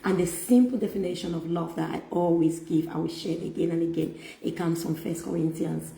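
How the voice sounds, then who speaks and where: A middle-aged woman giving a faith-based self-help talk as a motivational speaker, speaking slowly and emphatically with preacherly repetition. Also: fairly low pitch, steady tone, gravelly, mellow. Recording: echoey room.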